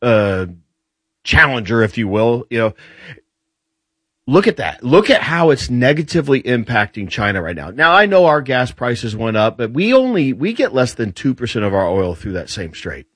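A man with a mid-pitched voice explains world affairs as a talk show guest, his pitch swinging widely as he lays things out. He often restarts his sentences, and the sound is close and dry. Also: dry recording. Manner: animated explainer, quick restarts. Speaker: guest commentator on US military.

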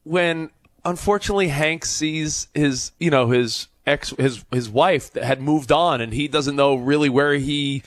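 A man's voice: fairly high pitch, measured pace, no echo. A man co-hosting a radio talk show, speaking earnestly and with animation about films. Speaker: radio co-host. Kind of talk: casual radio chat.

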